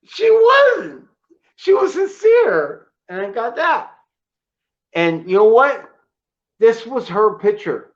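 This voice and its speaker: A man's voice: very high-pitched, slow pace, long pauses, highs cut off. A man chatting casually as a co-host, telling emotional stories about his collection. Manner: excitable storyteller, emotional and choked up at times. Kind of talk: casual chat.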